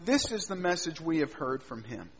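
A man preaching a sermon, swinging between loud emphatic lines and quiet low asides. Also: big pitch swings, normal speed. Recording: dull sound with long hall reverb.

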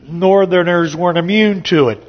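A man giving a sermon-style talk to a morning gathering, telling a story slowly with frequent "uh" pauses. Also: high voice. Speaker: speaker at a morning church gathering. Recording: dull lo-fi audio with long hall reverb.

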